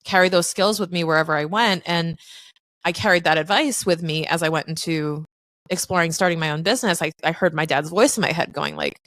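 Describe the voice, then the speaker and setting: Woman, podcast guest, lower voice, frank candid storytelling, dry close-miked sound. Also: a little fast, no echo. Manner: frank and candid, swears freely, lively retelling with quoted voices. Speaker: podcast guest, accountant and business owner. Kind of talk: casual storytelling interview.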